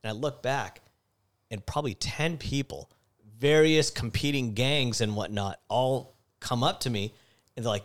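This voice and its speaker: A young man casually telling a story about his time as a store clerk, animated and laughing, acting out the quotes loudly. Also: mid-range voice, normal speed.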